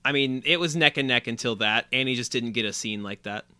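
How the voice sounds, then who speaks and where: A male co-host chats in an upbeat, playful way and rattles off thoughts in quick bursts. His voice is smooth, bright and slightly high. The recording is dry and close. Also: no room sound. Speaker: podcast co-host. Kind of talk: casual chat.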